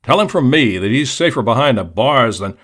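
A man's voice: medium pitch, lively intonation, brisk, a bit bright. A man voicing a commanding gang leader who talks curtly and growls at others. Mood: angry. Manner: growling, curt.

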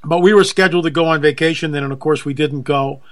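A man's voice: on the high side, fast talker. A middle-aged man hosting a radio talk show, chatty and self-deprecating, in a folksy manner. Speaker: radio host.

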